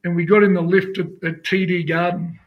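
Higher-voiced Australian man hosting a podcast. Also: little pitch movement, fairly quick, gravelly, highs cut off. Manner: conversational, steers topics. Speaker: podcast co-host. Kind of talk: casual chat.

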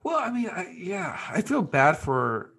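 A man co-hosting a podcast in casual political chat, throwing in deadpan jokes. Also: high voice, a little slow, gravelly, breathy edge. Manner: joking, deadpan wisecracks. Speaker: podcast co-host.

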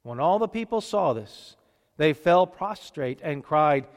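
A man with a fairly high voice reads scripture and preaches in a church at a measured, deliberate pace. His words carry a long reverb, as if spoken in a large hall. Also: lively intonation. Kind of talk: scripture reading and sermon.

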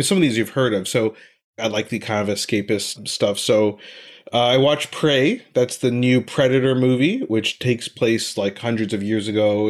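A man co-hosting a podcast in casual chat, animated and rambling, often trailing off into mumbles. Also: on the low side. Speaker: podcast co-host.

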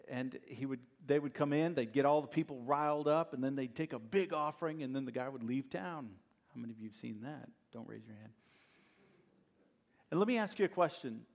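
A male pastor preaching a sermon, moving from conversational asides to emphatic, building scripture reading. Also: fairly high pitch.

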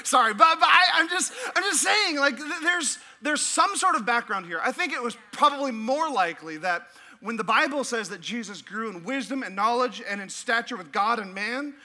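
A man with a high, bright, ringing voice preaches a sermon in a church. He is animated and playful, laughing through his asides and stories. His delivery swings between lively jokes and earnest points. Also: normal speed. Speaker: pastor.

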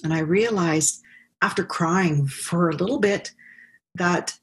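A woman interviewed as a business founder, telling her story in an animated way and acting out what people said. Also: fairly low pitch, moderate pace, slightly rough. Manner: animated storyteller, laughs often, acts out quotes. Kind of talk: conversational interview.

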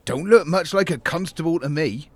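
A man playing a dim, literal-minded father in an audio comedy sketch, musing slowly. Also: fairly high pitch, slight background noise, close to an everyday voice. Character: dim, slow-talking middle-aged dad.

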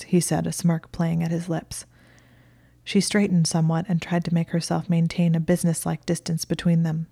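A woman narrates a story aloud at a steady, even pace. Her voice is fairly low and warm, and the sound is close and dry, with no room around it. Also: moderate pace, vocal fry, no room sound. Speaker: reader. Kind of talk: reading a fan story aloud.

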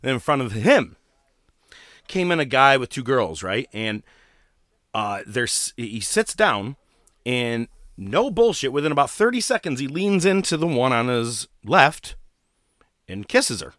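A man hosting a podcast, telling a profane story in a casual, animated way. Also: mid-range voice, measured pace, no echo, studio quality. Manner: profane, animated storyteller, voices others in quotes. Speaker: podcast host.

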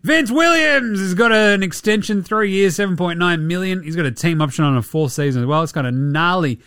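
A young Australian man chats through sports news, profane and mocking. His voice sits a little high and swings up and down a lot. The sound is dry and close, with faint music underneath. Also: animated, brisk, fairly bright tone, clean tone, dry recording. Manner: profane, sarcastic, mocking impressions. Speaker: podcast host. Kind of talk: casual sports chat.

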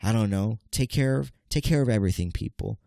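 Brisk and on the low side, a late-twenties man's dark, nasal, congested voice carries vocal fry as he hosts his casual solo podcast. He rambles and stammers, talking straight to his audience and calling them "people" again and again. The studio sound is clean, with no echo.

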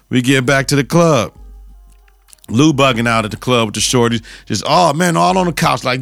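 A man's voice: mid-range voice, normal speed, creaky, a bit bright, dry recording. A man hosting a podcast, recapping a TV episode in loose, slang-heavy casual chat with repeated catchphrases.

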